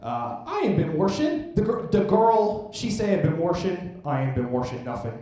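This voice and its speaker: A man voicing a gruff male Pittsburgh local with a thick yinzer accent, complaining in an exaggerated way. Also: sits high, very animated, normal speed, mellow, pitched above the performer's own voice. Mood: indignant. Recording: echoey live venue with crowd.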